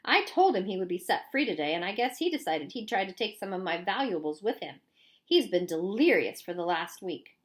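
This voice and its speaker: A woman's voice: medium pitch, big pitch swings, a little fast, natural voice. A woman voicing a cold, lying camp warden. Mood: defensive.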